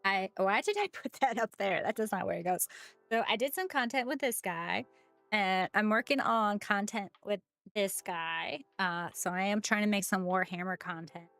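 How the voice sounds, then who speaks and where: A woman's voice: medium pitch, expressive, normal speed, creaky, fairly bright tone, dry recording, soft background music. A woman chatting casually on a live stream as she paints miniatures, greeting viewers by name and laughing often.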